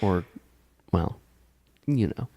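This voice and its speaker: A man's voice: low voice, lively intonation, very slow, warm tone. A man co-hosting a casual podcast chat, talking in a chatty, playful way and often trailing off mid-thought. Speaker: podcast co-host.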